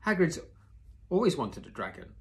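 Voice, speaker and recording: An eager, anxious schoolboy pressing with questions, voiced by a man reading aloud. The lines sit higher and louder than the reader's own voice and come out urgent. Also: sing-song, moderate pace, gravelly, a little hiss or hum. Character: eager, anxious young wizard boy.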